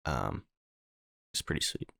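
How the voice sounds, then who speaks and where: A young man co-hosts a podcast, chatting casually and rambling with plenty of fillers. His voice is sharp and unhurried, captured in clean studio sound with no echo.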